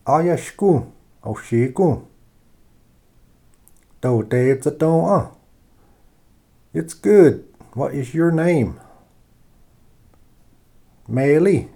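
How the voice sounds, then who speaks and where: A man teaching a language lesson, reading short dialogue phrases and their translations in a slow, deliberate way with pauses. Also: medium pitch, dark tone, husky. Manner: slow, deliberate, pausing after each phrase.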